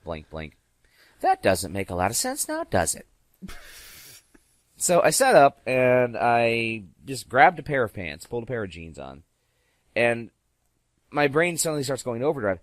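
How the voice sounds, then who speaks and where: A man telling stories in a casual podcast chat, animated and acting out the voices of the people in them. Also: medium pitch, a little slow, long pauses, dry recording. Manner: animated, acts out quoted voices. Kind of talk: casual storytelling.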